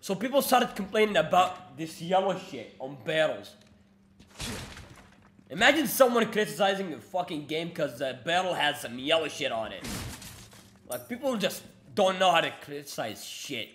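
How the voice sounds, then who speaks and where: A young man streaming a video game, excitable and swearing, laughing often as he comments casually. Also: on the high side, normal speed, a little hiss or hum.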